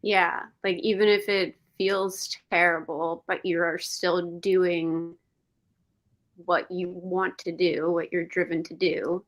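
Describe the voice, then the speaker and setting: A woman on a video call, speaking in a soft, hesitant way with many pauses and fillers. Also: lowish voice. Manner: slow, hesitant, soft-spoken. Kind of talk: casual talk, video call town hall.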